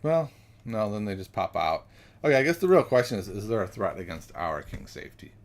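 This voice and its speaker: Man, chess streamer, thinking aloud, chatty, gravelly low voice. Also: sing-song, brisk. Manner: musing, self-correcting, chatty. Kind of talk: thinking aloud while solving puzzles.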